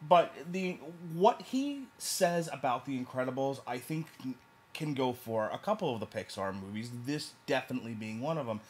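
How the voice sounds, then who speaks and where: A man's voice: medium pitch, animated, moderate pace. A man from New York casually reviewing a movie, talking emphatically and rambling with restarts.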